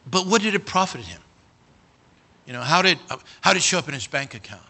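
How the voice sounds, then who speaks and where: A man preaching a sermon in a church, animated and dramatic, speaking directly to the congregation. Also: fairly high pitch, fairly quick, vocal fry.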